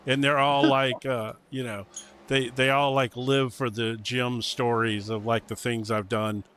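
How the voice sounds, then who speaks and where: A man's voice: mid-range voice, level tone, unhurried, a bit bright, slight background noise. Chatty, laughing male race commentator. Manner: chatty, laughs easily, loose and rambling. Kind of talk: casual sim racing commentary.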